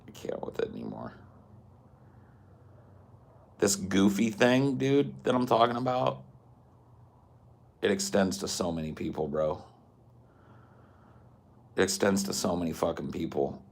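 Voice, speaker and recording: Man podcast host, swearing and exasperated, pitch swings all over. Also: expressive, a little slow, vocal fry, long pauses. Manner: profane, exasperated, slangy. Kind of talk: casual podcast rant.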